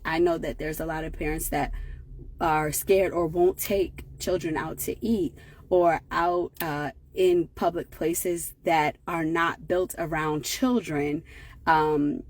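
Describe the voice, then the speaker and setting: A woman's voice: low voice, darkish tone. A woman in her thirties giving a conversational motivational talk to parents, often checking in with "right?". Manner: conversational, many fillers and tag questions. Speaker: parenting educator.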